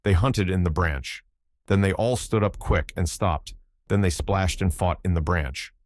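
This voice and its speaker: A man narrating an audiobook in a measured, plain storytelling manner on a close studio mic. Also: deep voice. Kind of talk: scripted literary narration.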